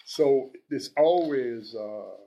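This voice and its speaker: A man in his sixties hosting a radio show, talking in an unhurried, halting way with frequent restarts. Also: medium pitch, animated, gravelly, warm tone. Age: 60s. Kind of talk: casual radio talk.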